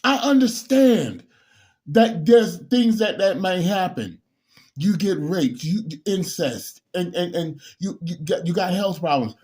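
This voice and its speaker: Heated, high-voiced man on a rant. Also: expressive, slow pace. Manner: heated, preachy, repeats words and restarts, sudden loud outbursts. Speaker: bishop. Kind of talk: political rant to camera.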